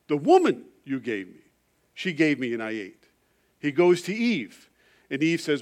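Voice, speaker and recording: A middle-aged male pastor preaching a sermon, telling a personal story with loud emphasis that drops to a hushed, confessional tone. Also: fairly high pitch, expressive, measured pace.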